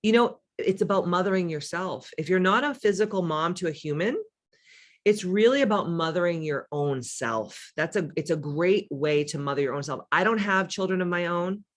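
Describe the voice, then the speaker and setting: A woman's voice: on the low side, lively intonation, normal speed. A middle-aged woman with a smoky voice hosts a casual livestream as a spiritual coach. She answers viewer comments in a frank, playful way, swearing freely and laughing often. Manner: candid and profane, laughs often, playful asides.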